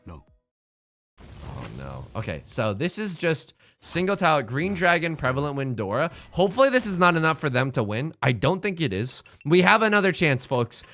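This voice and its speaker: A man's voice: on the high side, normal speed, faint music behind. A man streaming a game live, commenting casually with jokes and rambling asides. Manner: joking, animated, rambling asides.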